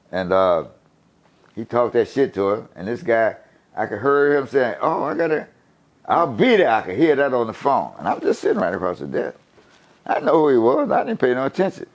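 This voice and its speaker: An older man from the USA tells a story in a casual interview. His voice swings widely in pitch, rising and falling with each turn of the tale. He talks in an animated, profane way and laughs as he goes. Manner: animated, profane, laughs while telling stories. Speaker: guest storyteller.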